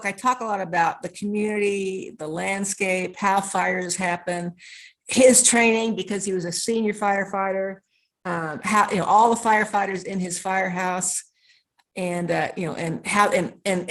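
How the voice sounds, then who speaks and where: A woman with a medium-pitched, slightly bright voice is a guest in an interview. She tells a story earnestly, piling up her thoughts with one "and" after another.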